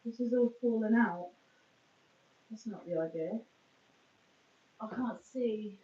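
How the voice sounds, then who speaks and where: A woman's voice: a little high, slow, slight background noise. A woman chatting casually on a live stream from her phone, rambling and poking fun at herself. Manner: rambling, chatty, self-mocking. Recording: dull, echoey, far from phone mic.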